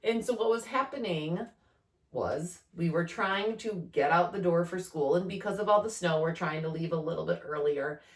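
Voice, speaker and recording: Woman cohost, lower voice, kinda far from the mic in an echoey room, super animated storyteller. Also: moderate pace, few pauses. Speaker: podcast co-host. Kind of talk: casual chat. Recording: roomy, off-mic sound.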